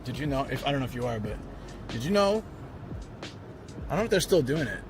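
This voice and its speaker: A fast-talking man with a medium-pitched voice and big swings in pitch chats directly to his audience on a travel live stream. His rambling takes him along city streets and then into a parked car, all over background music.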